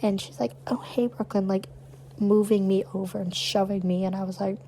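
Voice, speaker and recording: A woman's voice: mid-range voice, normal speed, a little hiss or hum, low-quality recording. A young adult woman co-hosting a podcast, telling stories bluntly in casual chat. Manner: animated, blunt storyteller. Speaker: podcast co-host.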